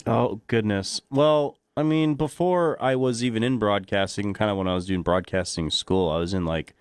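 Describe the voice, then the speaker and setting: A man co-hosting a radio show, chatting casually with quick, playful reactions. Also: fairly low pitch, clean tone, no room sound, studio quality. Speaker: radio host.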